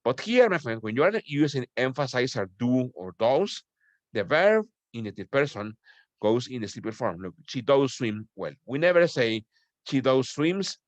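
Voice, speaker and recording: Lively, patient male English teacher. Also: mid-range voice, normal speed, no room sound. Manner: explains patiently, checks in with "okay?" often; switches to Spanish to address his students. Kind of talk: classroom grammar lesson.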